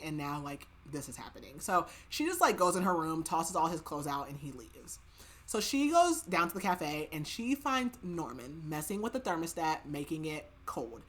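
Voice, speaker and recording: A woman hosting a podcast, casually retelling a novel's plot in a chatty way, quoting the characters' lines and filling her speech with "like". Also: fairly low pitch. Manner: chatty, filler-heavy retelling with quoted dialogue. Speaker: podcast host. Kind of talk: casual book recap.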